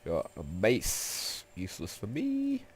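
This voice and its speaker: A man's voice: mid-range voice, wildly swooping pitch, slow, slightly rough. A young man with a stuffy, nasal voice from a cold, casually commenting on a game as he plays, rambling and swearing now and then. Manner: rambling, jokey, swears freely. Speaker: let's play host.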